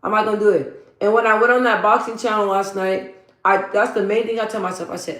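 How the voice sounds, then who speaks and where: A woman with a deep, bassy voice talks straight to her viewers while doing her makeup at home. She is blunt and slangy, and she drives her points home by repeating them. The room around her gives a noticeable echo. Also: steady tone, fast talker, a bit bright. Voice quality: deep for her, in her own words. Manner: emphatic, repeats phrases for emphasis, motivational. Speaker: vlogger. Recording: roomy echo.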